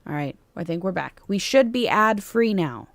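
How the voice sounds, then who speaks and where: A woman's voice: medium pitch, animated, moderate pace, vocal fry, no room sound. A woman streaming live, chatting casually and joking about herself while reacting to a cooking video. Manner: playful, self-joking, chatty asides to chat. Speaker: VTuber streamer.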